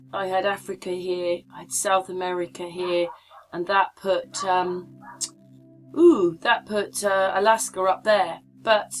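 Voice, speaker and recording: A woman's voice: mid-range voice, poor audio. A woman hosting her own channel, talking casually and rambling as she clicks through images and speaks straight to her viewers. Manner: rambling, chatty, addresses viewers directly. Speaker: channel host. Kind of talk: casual screen-share commentary.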